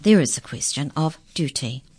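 Woman putting on a gravelly rat officer. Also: low-pitched, lively intonation, normal speed, a little mellow, no room sound. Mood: stern. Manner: stern, demanding, incredulous. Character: suspicious officious giant white rat officer.

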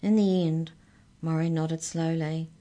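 A woman reads a children's story aloud with gentle, expressive narration. Her voice sits low and calm. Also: a little slow.

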